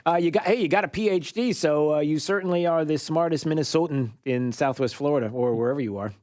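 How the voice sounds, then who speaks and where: Jokey talk radio host, slightly high voice. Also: male voice, quick pace, a little mellow, no echo, clean studio sound. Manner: jokey, loose, filler-heavy. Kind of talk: call-in quiz banter.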